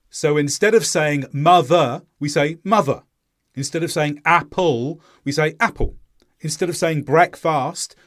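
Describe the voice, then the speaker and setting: A man with a British accent teaching English pronunciation in a scripted lesson, speaking clearly and slowly demonstrating sounds. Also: a little high.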